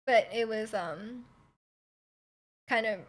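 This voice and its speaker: Young woman streamer from Canada, high voice, casual rambling chat full of fillers and giggles. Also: slow pace. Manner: rambling, many likes and ums, giggly.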